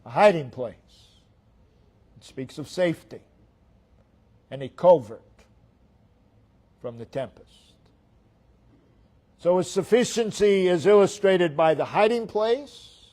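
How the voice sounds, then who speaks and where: A pastor preaching to his congregation, building each point through deliberate repetition. His voice sits high for a man and drops low at the end of each phrase. He speaks at a very slow, measured pace. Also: lively intonation, a little mellow. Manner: slow, emphatic preaching with repeated phrases and trailing falls. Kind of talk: sermon.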